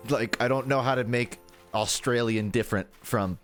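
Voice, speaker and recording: A male streamer with a mid-pitched voice, worn and strained from earlier voice acting. He chats in a loose, rambling way, cutting himself off and joking at his own expense. Faint game music plays under him. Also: moderate pace, fairly bright tone. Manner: rambling, self-deprecating, trailing off mid-sentence. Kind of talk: casual live-stream chat while gaming.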